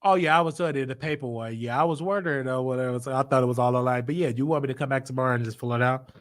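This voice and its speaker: A man's voice: mid-range voice, very fast, no room sound, clean studio sound. A man from Chicago hosting his own show, telling a personal story in a casual, emphatic way and repeating lines for effect. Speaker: show host.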